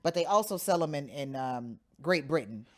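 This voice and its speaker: A woman's voice: low-pitched, expressive, normal speed. A woman with a St. Louis accent co-hosting a podcast, chatting casually and telling stories with emphasis. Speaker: podcast co-host. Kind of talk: casual chat.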